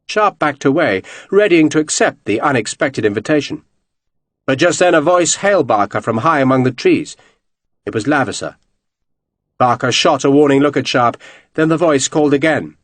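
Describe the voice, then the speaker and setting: A man narrating an audiobook in an expressive, dramatic reading style. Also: on the high side, normal speed, dry recording.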